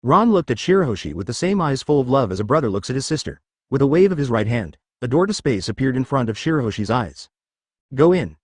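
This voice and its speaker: Text to speech guy reading a fanfic, lively pitch, dry close sound. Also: no echo. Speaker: narrator. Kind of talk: scripted narration of fan fiction.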